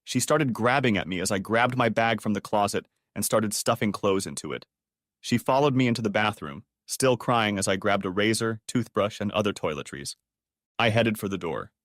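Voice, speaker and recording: A man narrating a first-person drama story for an audiobook in a dramatic, expressive way. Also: on the low side, moderate pace, dry recording, clean studio sound.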